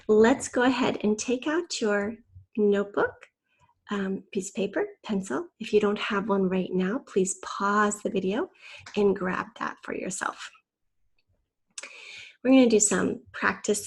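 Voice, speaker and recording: A woman teacher recording a spelling lesson for children at home, sounding out words slowly and syllable by syllable on a computer mic. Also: mid-range voice. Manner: slow, clear, drills words and syllables.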